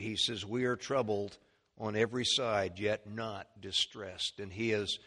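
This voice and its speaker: A man preaching a sermon in a church, dropping to a low murmur and then rising into high, shouted bursts as he gets animated. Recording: long hall reverb.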